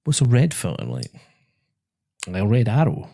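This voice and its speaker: His voice is lowish and mellow with vocal fry and huge pitch swings, delivered at a normal speed. He's a Scottish driving instructor hosting a podcast from a small studio, chatting casually and laughing at his own tales.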